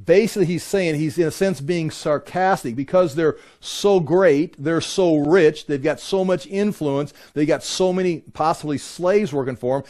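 A man teaching a Bible class in an explanatory way, often pausing with "uh" and restarting his sentences. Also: a little high, darkish tone.

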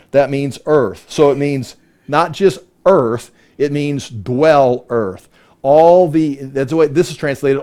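A man's voice: mid-range voice, a little mellow. Emphatic man teaching a Bible study. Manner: explanatory, emphatic, stops to check his notes.

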